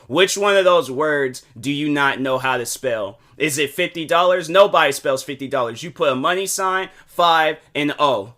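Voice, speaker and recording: A man's voice: on the high side, normal speed, few pauses, pushed and bright. A man hosting his own podcast, rambling with restarts and acted-out quotes. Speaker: podcast host. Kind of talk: casual solo monologue.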